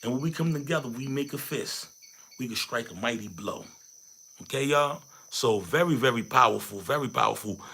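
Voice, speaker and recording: A man's voice: mid-range voice, normal speed, creaky, pushed and bright, a little hiss or hum. A man hosting a livestream, rallying his viewers in a preachy way and repeating his phrases. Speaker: livestream host. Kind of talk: hyped motivational livestream chat.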